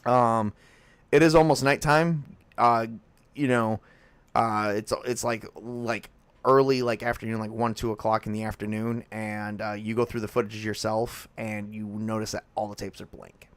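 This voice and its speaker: A man's voice: on the low side, steady tone, moderate pace, smooth, no room sound. A man narrating a tabletop horror game as game master, in a casual way with frequent restarts.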